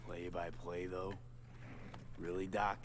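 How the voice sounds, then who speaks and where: A cocky young mercenary. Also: male voice, low voice, flat delivery, slow, background noise. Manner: clipped, cocky street talk.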